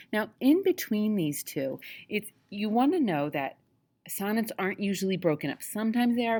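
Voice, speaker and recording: Woman, teacher, low voice, casual classroom lecture, chatty. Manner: casual, chatty, frequent "okay?" check-ins.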